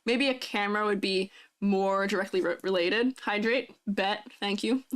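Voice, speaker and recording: A woman's voice: mid-range voice, unhurried. A young woman streaming casually, playful, laughing often and answering chat. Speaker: vtuber streamer.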